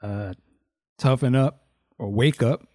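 Mellow-voiced dude, dry close sound, supportive and chill, thinking out loud. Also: male voice, mid-range voice, slow, dry recording. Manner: supportive, reflective, loose with fillers. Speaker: podcast co-host. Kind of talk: casual chat.

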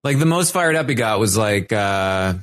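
A man co-hosting a podcast in casual chat, relaxed and hesitant, with many fillers. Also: fairly low pitch, normal speed, no echo, clean studio sound. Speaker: podcast co-host.

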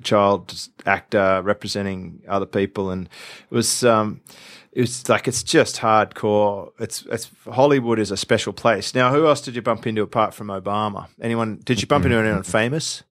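A man co-hosting a business podcast, talking in relaxed casual chat with teasing banter. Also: fairly low pitch, normal speed. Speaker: podcast co-host.

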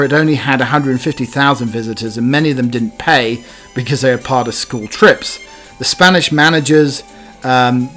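A man hosting a comic news podcast, rambling cheekily and pausing often with fillers. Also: medium pitch, a bit bright. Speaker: podcast host.

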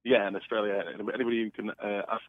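A comedian guest recovering from an illness phones in for an interview, chatting and laughing often over a tinny line. He speaks fast with a flat delivery in a lowish voice, and there's no echo.

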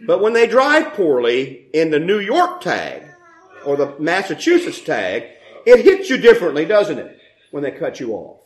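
A man preaches a sermon as a pastor, animated and full of rhetorical questions. His voice is fairly high-pitched and he speaks at normal speed.

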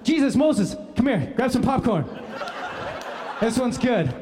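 A man voicing God as a gleeful cosmic spectator who shouts to his companions. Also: extremely high pitch, unhurried, roomy sound, big-room sound, background noise, voice pushed up, full character voice. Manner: excited, shouting.

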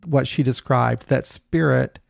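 A man's voice: mid-range voice, fairly even intonation, a little slow, vocal fry, no room sound, clean studio sound. A man in recovery reflecting thoughtfully in conversation, agreeing and hesitating as he finds his words. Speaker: fellow person in recovery.

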